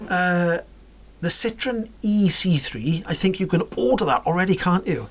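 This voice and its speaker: A car vlogger with a fairly low, animated voice talks about cars at a measured pace over slight background noise. Her chat is rambling and casual, full of self-corrections and whispered asides.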